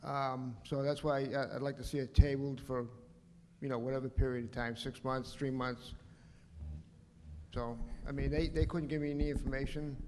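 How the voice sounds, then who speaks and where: A man speaking as a resident from the floor of a town meeting, plain-spoken and a little halting. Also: medium pitch, flat delivery. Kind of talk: public comment at a town meeting. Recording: echoey hall, faint room noise.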